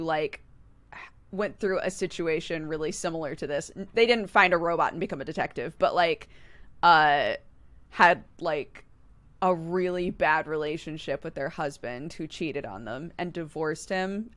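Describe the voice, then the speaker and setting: A woman's voice: low-pitched, a bit bright. A young adult woman streaming a game, chatting and ranting casually with frequent laughs. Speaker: gaming streamer. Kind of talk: casual let's-play commentary.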